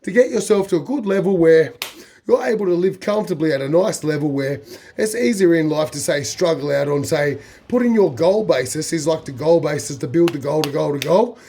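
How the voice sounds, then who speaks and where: A man's voice: on the high side, expressive, brisk, dark tone, slight background noise. An Australian man talking casually to camera, rambling with many fillers. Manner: rambling, fills with "say" and "like". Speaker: vlogger.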